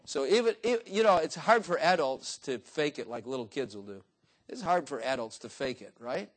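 An older man delivers a sermon, his voice sitting a little high for a man. He preaches in a folksy, joking way, slipping into little acted-out dialogues with different voices. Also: expressive, normal speed. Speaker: pastor.

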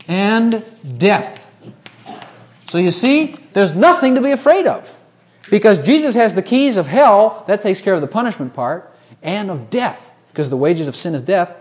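A man preaching a sermon, swinging from hushed, personal asides to loud, ringing scripture quotes. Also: sits high.

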